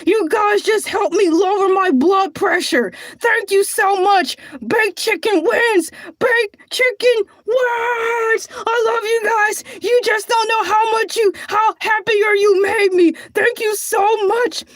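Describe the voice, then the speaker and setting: Hercules the Shark, squeaky woman-voiced tough-guy shark. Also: unhurried, few pauses, dry recording. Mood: excited. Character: tough-talking boastful male cartoon shark. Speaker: show host. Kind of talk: comedy character monologue.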